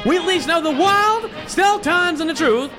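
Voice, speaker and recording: A man voicing an overblown male TV news anchor with a booming, dramatic announcer delivery. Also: expressive, normal speed, over music. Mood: grandiose.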